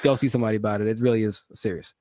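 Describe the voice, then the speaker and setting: A man's voice: lowish voice, steady tone, very fast, mellow, no echo, clean studio sound. A young man co-hosting a podcast, chatting casually and joking, often trailing off and restarting his sentences. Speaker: podcast co-host. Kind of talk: casual chat.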